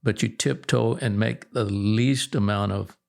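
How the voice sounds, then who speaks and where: A middle-aged man, a guest angler, telling fishing stories in a relaxed, rambling way with restarts. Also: fairly low pitch, a little slow, gravelly. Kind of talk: casual storytelling.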